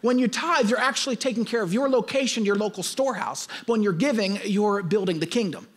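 A man's voice: high-pitched, lively intonation, a little fast. A male pastor preaching, emphatic and teaching, repeating his key points. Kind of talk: sermon.

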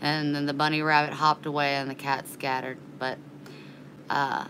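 A woman's voice: deep voice, flat delivery, moderate pace, a bit bright, a little hiss or hum, poor audio. A woman chatting in a casual vlog, rambling and frank, getting worked up and indignant, with casual swearing. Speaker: vlogger.

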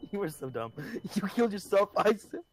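A man's voice: sits high, wildly swooping pitch, normal speed. A teenage boy playing along as a customer in a game, teasing and giggly. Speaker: gamer friend playing a customer. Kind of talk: playful game role-play.

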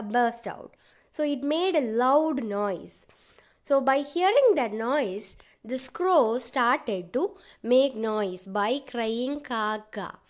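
High-voiced woman explaining a story. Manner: simple, repetitive explaining with frequent "so". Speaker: teacher.

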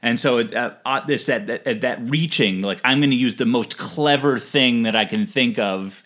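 A man co-hosting a podcast, talking casually and haltingly, repeating words as he thinks. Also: mid-range voice, fairly bright tone. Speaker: podcast co-host. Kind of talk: casual chat.

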